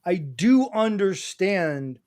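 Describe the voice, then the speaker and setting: A man's voice: sits high, sing-song, takes it slowly, darkish tone. A man co-hosting a casual podcast chat, playful and joking, drawing out words for emphasis. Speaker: co-host.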